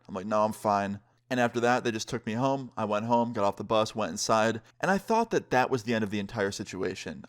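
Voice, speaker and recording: A young man vlogger telling a story time in a laid-back, casual way, swearing freely. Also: on the low side.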